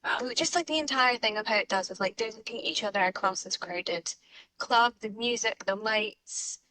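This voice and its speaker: Bright rambling woman chatting. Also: a little high, moderate pace, poor audio. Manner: rambling, lots of "like". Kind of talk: casual chat.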